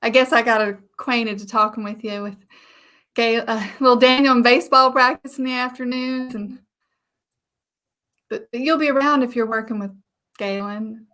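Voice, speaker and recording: A woman's voice: fairly high pitch, steady tone, pushed and bright. A woman voicing a lonely, nervous married woman in a live play reading, talking in giggly, hesitant stops and starts. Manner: giggly, hesitant, halting restarts.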